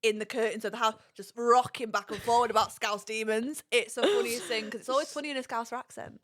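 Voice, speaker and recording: A woman's voice: a little high, fairly even intonation, a bit bright. A young woman on a podcast as a guest, telling gossipy stories in casual chat. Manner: fast, gossipy storytelling.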